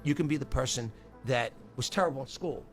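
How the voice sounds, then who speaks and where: A man talking earnestly in an interview clip, animated and quick. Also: mid-range voice, faint music behind. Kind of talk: interview talk.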